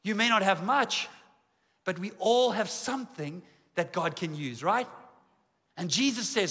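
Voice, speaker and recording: A man's voice: sits high, normal speed, pauses often. A man in his forties with a South African accent, preaching a sermon as a pastor, mixing jokes and self-deprecating stories into his message. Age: 40s. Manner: humorous, self-deprecating storytelling, lively. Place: large church auditorium. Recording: long reverb of a big hall.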